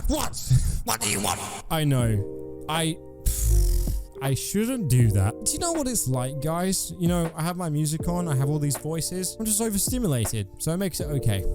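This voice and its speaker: A man hosting a reaction video, delivering sarcastic commentary with deadpan jokes. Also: fairly high pitch, moderate pace. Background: background music.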